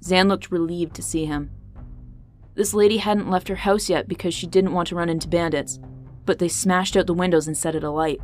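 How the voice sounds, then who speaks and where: Woman narrating a fantasy story, low voice. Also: steady tone, brisk, soft background music.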